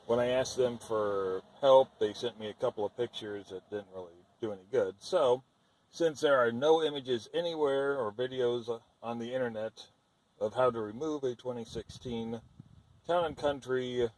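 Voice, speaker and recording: Poor audio captures a DIY car repair vlogger speaking from inside the car at a moderate pace, his mid-range voice a little mellow. Out of breath, he narrates the repair casually as he works, thinking aloud and giving hesitant, careful warnings.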